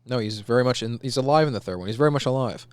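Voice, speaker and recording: A man's voice: medium pitch, racing, a little mellow, clear, resonant tone, no room sound. A man in his twenties co-hosting a podcast, rambling casually with lots of restarts and swearing. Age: 20s. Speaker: podcast co-host. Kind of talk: casual comedic banter.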